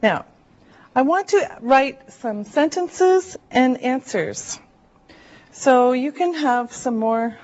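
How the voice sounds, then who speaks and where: A woman teaching an English class, speaking slowly and deliberately and drawing out words for her learners. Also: high-pitched, animated, a little mellow. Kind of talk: slow classroom instruction. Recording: dull lo-fi classroom recording.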